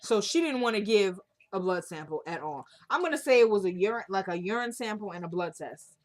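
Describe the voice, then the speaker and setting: A woman's voice: medium pitch, lively intonation, fairly quick. A woman in a casual vlog, chattily retelling a TV episode and acting out the characters' lines as she goes. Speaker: TV recap vlogger.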